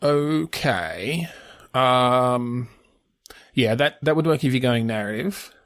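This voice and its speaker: A man's voice: medium pitch, animated, slow, a bit bright, no room sound. A man co-hosting a podcast, brainstorming game ideas in casual chat, laughing often, swearing and restarting his sentences. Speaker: podcast co-host.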